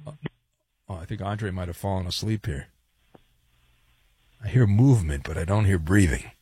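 A man's voice: sits low, unhurried, a little mellow, husky, no room sound. A man hosting a sports talk radio show, chatty and joking with a sarcastic edge. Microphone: studio mic.

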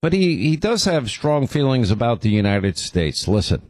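A man's voice: medium pitch, big pitch swings, moderate pace, darkish tone, a little hiss or hum. A man hosting a political commentary show, talking conversationally with a sarcastic edge. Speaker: host.

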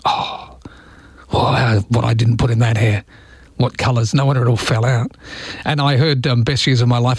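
A man's voice: medium pitch, dry recording. A middle-aged Australian man hosting an overnight radio show, chatting and joking with callers in a self-mocking way. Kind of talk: late-night radio chat with callers. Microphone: studio microphone.

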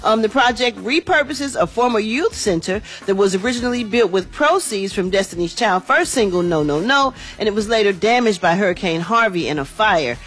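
A woman's voice: mid-range voice, lively intonation, fairly quick, hardly any pauses. A woman hosting a morning radio entertainment news segment, chatty and slangy, talking to listeners as y'all.

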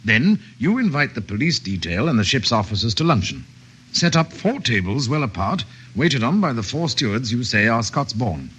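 A sharp police inspector, bossy, lively voice that swings up and down. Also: male voice, medium pitch, moderate pace, full character voice. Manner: crisp, commanding orders. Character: brisk male police inspector, shrewd and commanding. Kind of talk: 1950s radio drama acting.

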